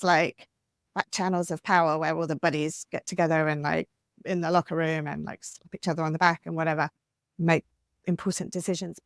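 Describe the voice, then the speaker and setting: A woman author being interviewed on a podcast, talking in an animated, talkative way with lots of "like" and "you know.". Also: mid-range voice, no echo, studio quality. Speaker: author guest.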